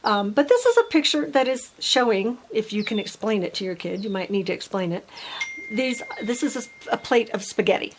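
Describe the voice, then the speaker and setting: A middle-aged woman speech teacher giving parents a patient step-by-step tutorial, modeling simple sentences slowly. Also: medium pitch, lively intonation, a little hiss or hum, poor audio.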